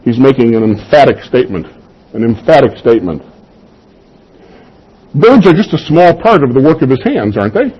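A man with a husky, breathy voice delivering a sermon. He makes his points firmly, poses rhetorical questions and laughs softly now and then. The sound is dull and slightly muffled. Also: mid-range voice, sing-song, moderate pace, long pauses. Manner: emphatic, with rhetorical questions and soft chuckles. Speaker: pastor.

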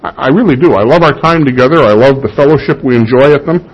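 A pastor delivers a sermon in a church, his husky voice climbing to emphatic peaks on key words. He keeps turning to the congregation with questions. The recording is muffled and lo-fi. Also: mid-range voice, fast. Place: church sanctuary.

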